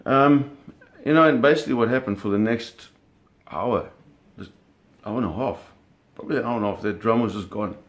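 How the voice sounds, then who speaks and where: A middle-aged man casually telling a story, animated, with sound effects and acted quotes. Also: mid-range voice, brisk, few pauses. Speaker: storyteller recounting a fishing trip.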